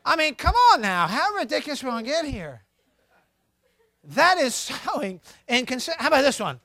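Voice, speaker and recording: Man, very high voice, lively swooping delivery, humorous sermon, dry close sound. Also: normal speed, no room sound. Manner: animated, acts out scolding parents for laughs.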